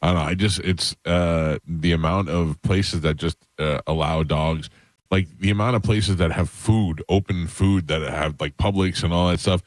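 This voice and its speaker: A man's voice: fairly even intonation, moderate pace, no echo. A man hosting a radio talk show, chatting casually in the studio and telling stories with playful impressions. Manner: storytelling, acts out voices in high falsetto. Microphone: studio mic.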